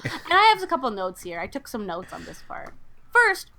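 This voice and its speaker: A young American woman co-hosting a podcast, retelling a movie's plot in a lively, indignant way. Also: on the high side, normal speed, a little hiss or hum. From United States. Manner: animated, indignant storytelling with quoted lines. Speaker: podcast co-host. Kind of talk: casual movie recap chat.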